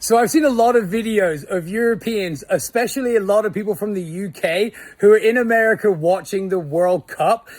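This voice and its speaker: A man with a high voice explains things in a measured way. The sound is dry and close. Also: no echo.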